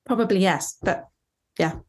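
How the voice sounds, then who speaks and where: A woman's voice: medium pitch, normal speed, a little mellow, breathy edge. A woman artist speaking on a panel discussion, earnest, with many restarts.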